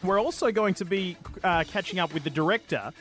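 Upbeat Australian host, higher voice, light music faintly behind. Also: male voice, animated, fairly bright tone. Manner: upbeat, quick rapport, plenty of "yeah". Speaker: podcast host. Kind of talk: casual chat, show intro.

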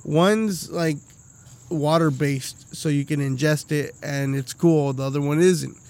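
High-voiced man telling a profane story. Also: measured pace, gravelly. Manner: profane, animated storytelling with lots of laughing. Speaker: podcast co-host. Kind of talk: casual chat.

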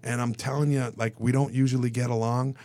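A man being interviewed on a radio show, speaking at an ordinary middle pitch. He tells his stories loosely and with energy, jumping into the voices of the people he quotes. At times he grows quiet and emotional. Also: brisk. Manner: animated, acts out quoted voices, turns emotional. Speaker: actor guest. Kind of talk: casual storytelling in a radio interview.

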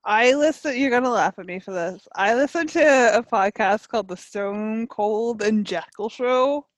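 Giggly higher-voiced woman. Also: moderate pace, no room sound. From Canada. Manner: chatty, giggly, lots of "like" and laughs. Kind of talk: casual chat.

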